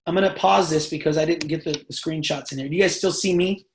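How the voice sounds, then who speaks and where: A sales trainer coaching a team over a live video call, pressing each point hard and checking in again and again. The voice sits in a middle pitch. The audio rings with room echo. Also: fairly even intonation, fast, a little hiss or hum. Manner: emphatic, repeatedly checks in with the audience.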